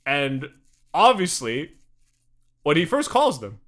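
A man's voice: a little high, sing-song, slow, a bit bright. A young man co-hosting a podcast in casual chat, rambling and swearing with many fillers and restarts. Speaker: podcast co-host.

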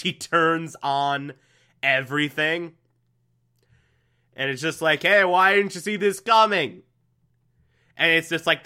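A young man casually recapping a TV episode, animated and laughing often, acting out the characters' lines. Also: mid-range voice, smooth. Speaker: TV episode reviewer. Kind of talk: casual recap with acted-out quotes.

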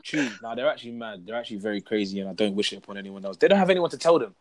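A man's voice: fairly low pitch, expressive, very fast. A young man, chatting casually and acting out both sides of arguments as he tells stories. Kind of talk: casual chat.

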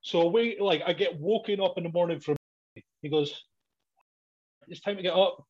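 A man telling a story in casual chat, swearing often and laughing as he goes. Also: normal speed. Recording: dull, low-fidelity recording.

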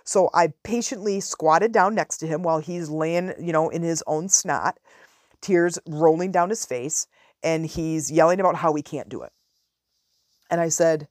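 A woman's voice: low-pitched, fairly even intonation, a little mellow, no echo, clean studio sound. A woman in her forties telling a parenting story in a frank, casual monologue as a podcast host. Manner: frank, conversational, drawn-out emphasis.

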